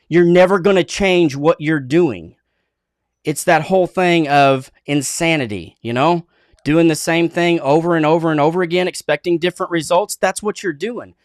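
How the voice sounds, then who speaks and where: A man co-hosting a live online business show, giving an earnest, repetitive motivational pitch to viewers. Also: dry recording, clean studio sound. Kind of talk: motivational livestream talk.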